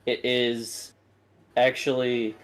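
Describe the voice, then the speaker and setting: A man's voice: medium pitch, little pitch movement, drawn-out words, low-quality recording. Man narrating a tabletop game. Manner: loose narration with many fillers. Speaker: dungeon master.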